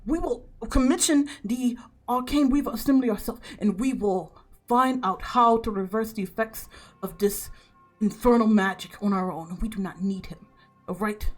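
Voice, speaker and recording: A woman's voice: fairly high pitch, moderate pace, faint music behind, close to an everyday voice. A woman voicing a proud, stern old grandfather who speaks in a commanding, insistent way in a tabletop game. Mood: defiant.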